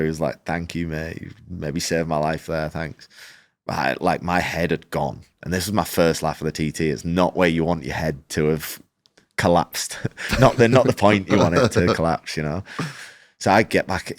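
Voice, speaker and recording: Low-voiced man telling a story. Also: dry recording. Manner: animated, acts out quoted exchanges, frequent "like" fillers. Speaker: motorcycle racer, podcast guest. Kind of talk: casual storytelling in an interview.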